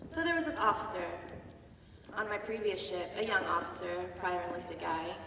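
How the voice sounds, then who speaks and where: A woman's voice: lowish voice, moderate pace, gravelly, reverberant, big-room sound, recorded from a distance, noisy background. A woman, a Navy veteran, recounting her service experiences on stage with candor, sometimes acting out what others said. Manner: candid, shifting between sober recollection and animated quoting. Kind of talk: staged personal storytelling. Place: theater stage, heard from the audience.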